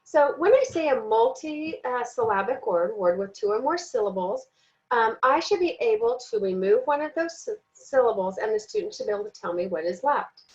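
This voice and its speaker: Woman, training lesson, fairly high pitch, deliberate pace, sounds out syllables, slightly dull recording. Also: very animated. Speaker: teacher trainer.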